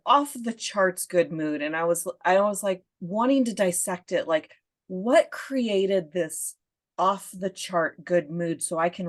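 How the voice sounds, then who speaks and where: Chatty woman podcast host, low voice. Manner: chatty, laughs often, asks questions. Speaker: podcast host and parenting coach. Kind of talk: conversational interview.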